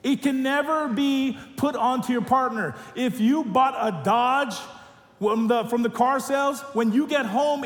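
Male pastor, sermon, high voice, storytelling and joking, echoey church hall with long reverb. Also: measured pace.

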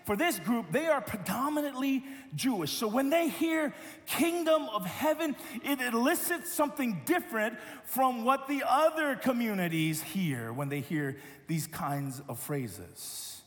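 A man preaching a sermon as a pastor, telling stories with lively quoted voices and many repeated words. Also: very high voice, unhurried, long reverb tail.

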